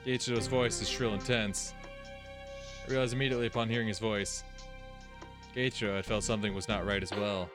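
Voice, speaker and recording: A man with a fairly low voice reads a visual novel aloud and breaks off to muse casually about what is going on. His talk is relaxed and full of thinking aloud. Game music plays clearly behind him. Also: brisk, long pauses. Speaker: let's play host. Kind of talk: reading visual novel text aloud and commenting.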